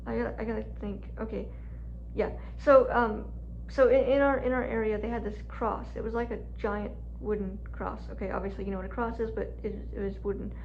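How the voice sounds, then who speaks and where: A woman's voice: medium pitch, fairly even intonation, brisk, muffled recording, a little hiss or hum. A woman vlogging at home, telling a story in a casual, chatty way with lots of "like" and frequent laughs. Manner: chatty, heavy use of "like", laughs often. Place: home room with furnace running.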